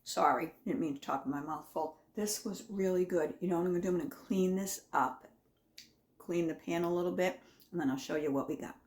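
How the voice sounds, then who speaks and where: A woman's voice: on the low side, fairly quick, darkish tone, a little hiss or hum. A woman chatting casually in her home kitchen as she tastes and talks through her own cooking, rambling and folksy.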